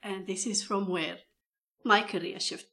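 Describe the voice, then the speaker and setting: A woman's voice: medium pitch, unhurried. A woman from Tunisia, a guest in an interview, telling her career story and acting out what people said to her. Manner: animated storyteller acting out quoted speech.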